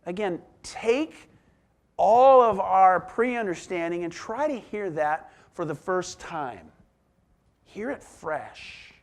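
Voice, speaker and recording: A pastor delivers a sermon in a high voice, reading scripture and explaining it as he swings between emphatic exclamations and soft, hushed asides.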